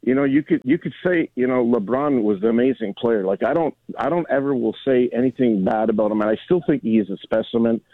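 An older man in his sixties calls in over a tinny, dry phone line. He speaks at a middling pitch and rambles, stopping and restarting his thoughts as he goes. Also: no room sound. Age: 60s. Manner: rambling, halting, many restarts. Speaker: caller. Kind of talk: call-in chat.

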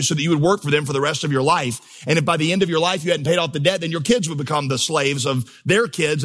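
A man's voice: fairly high pitch, a bit bright. A man preaching a sermon as pastor, telling stories with humor and building to emphatic, impassioned crescendos. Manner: storytelling, humorous asides.

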